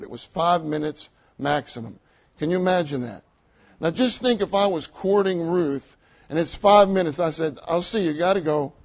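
Emphatic older male preacher, high voice. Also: creaky, low-quality recording. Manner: emphatic, repeats key phrases, laughs between points. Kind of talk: sermon.

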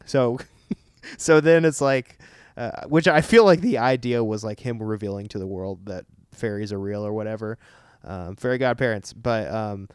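A man's voice: lowish voice, moderate pace, smooth, no echo, studio quality. A young man co-hosting a podcast, chatting casually in a rambling, joking way. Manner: rambling, laughing, self-deprecating. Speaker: podcast co-host. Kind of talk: casual chat.

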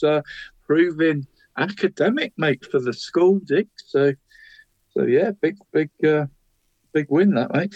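Brief man, slightly high voice, chatty results round-up, dry dull lo-fi sound. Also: darkish tone, no echo. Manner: chatty, calls his co-host "mate" constantly. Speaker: co-host of a local football podcast.

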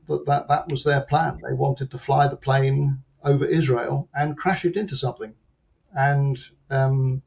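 A man telling a personal story as an interview guest, reflective and halting, with frequent restarts. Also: mid-range voice, vocal fry, darkish tone. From Britain. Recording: muffled lo-fi sound.

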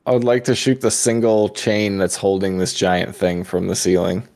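A man's voice: low voice, level tone, moderate pace, gravelly, a little mellow. A man playing a tabletop game, casually describing his character's moves. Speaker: player.

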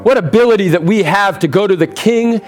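A fired-up man preaching to his congregation, his voice sitting a little high. He keeps prompting the room for answers and leans hard into his points. Soft music plays underneath. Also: fairly quick. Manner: energetic, calls for congregation responses. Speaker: pastor. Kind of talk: sermon. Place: church sanctuary with congregation.

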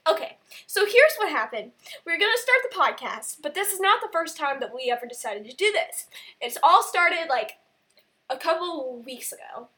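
A woman's voice: very high-pitched, sing-song, moderate pace, bright, forceful tone. A teenage girl co-hosting a casual podcast, giggly and self-mocking, laughing often, recorded without a proper microphone. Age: teens. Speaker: podcast co-host. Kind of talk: casual chat. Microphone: no microphone, built-in device mic.

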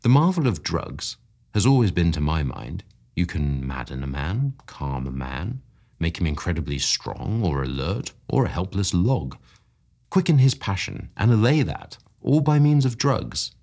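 Deep husky guy reading an old story, voice goes up and down a lot. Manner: measured, expressive storytelling. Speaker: story reader. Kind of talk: audiobook narration.

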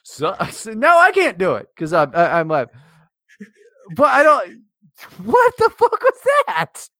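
A man's voice: sits high, wildly swooping pitch, measured pace, bright, forceful tone, no room sound, studio quality. Guy cohosting a podcast, swears a lot, rambles and teases, voice bounces all over. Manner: profane, teasing, rambling. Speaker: podcast co-host. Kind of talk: casual podcast banter.

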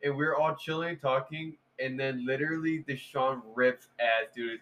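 Young guy riffing stories with his buddies, laughs a lot, bright voice. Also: mid-range voice, steady tone, normal speed, hardly any pauses, dull audio. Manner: laughs often, loose slangy storytelling with many fillers. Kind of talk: casual storytelling chat.

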